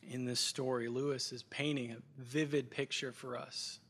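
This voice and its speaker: Bright-voiced, earnest male preacher. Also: medium pitch, level tone, moderate pace, husky, big-room sound. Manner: earnest, reflective, repeating phrases for emphasis. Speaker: pastor. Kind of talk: sermon.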